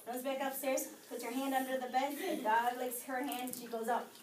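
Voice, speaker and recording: A woman's voice: high-pitched, fairly even intonation, moderate pace. A woman telling a spooky story aloud at a library event, chatty and full of laughing asides to her listeners. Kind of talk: casual spooky storytelling to an audience. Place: public library event room. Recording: echoey room, distant mic, background noise.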